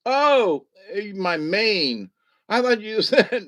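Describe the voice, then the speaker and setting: Easygoing, chuckling male stream host, a little high, fairly high voice. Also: sing-song, takes it slowly, a bit bright. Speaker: livestream host. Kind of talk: casual late-night chat with viewers.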